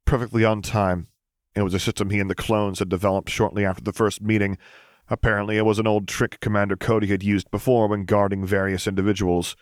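A man narrating fan fiction as an audiobook reader, in a steady, measured way. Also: lowish voice, dry recording.

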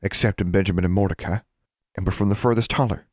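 A man's voice: sits low, steady tone, fast talker, darkish tone, no echo, clean studio sound. A man voicing a proud young country girl with an Ozark accent, huffy and clipped in an audiobook. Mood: indignant. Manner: huffy, clipped folksy speech. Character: proud rural Ozark girl, quick to bristle. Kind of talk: audiobook character voice.

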